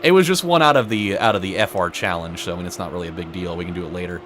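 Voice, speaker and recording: A man's voice: deep voice, rapid-fire, noisy background. A man casually commenting on his racing game, rambling through a story full of "like" and "you know". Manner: rambling, storytelling, frequent fillers. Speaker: let's play host.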